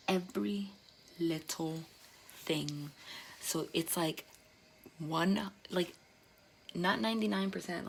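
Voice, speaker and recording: A woman giving a casual tarot reading to camera, excitable and swearing, breaking into exclamations. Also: fairly low pitch, slow, creaky, pauses often, a little hiss or hum. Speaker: tarot reader.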